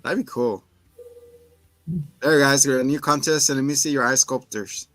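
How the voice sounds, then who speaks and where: A man casually recapping a film for a podcast, retelling scenes with quick voices for the characters. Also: medium pitch, steady tone, fairly bright tone, dry recording. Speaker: podcast co-host. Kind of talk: casual movie review chat.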